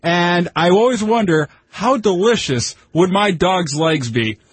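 Male co-host, slightly high, husky, deadpan dark humor, dry mic. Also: measured pace, dry recording. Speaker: radio co-host. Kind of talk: casual radio banter.

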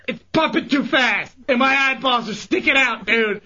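A man on a comedy radio show, ranting loudly and frantically and laughing through his complaints. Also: extremely high pitch, moderate pace, lo-fi sound.

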